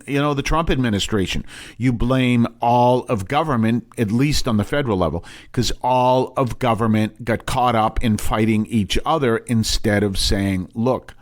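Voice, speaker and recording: A man, a priest hosting a broadcast, teaching in a rambling, emphatic way with many restarts and asides. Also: medium pitch. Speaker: priest and show host.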